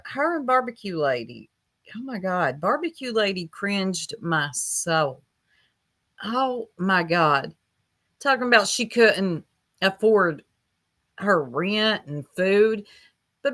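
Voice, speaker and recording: A woman's voice: medium pitch, bright, forceful tone. A woman giving casual livestream commentary while reading chat aloud, blunt and gossipy, with casual swearing.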